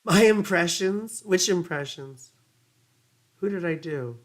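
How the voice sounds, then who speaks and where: A woman's voice: fairly low pitch, expressive, slow pace. A woman astrologer giving casual livestream chart readings, rambling and chatty with laughing asides and casual swearing.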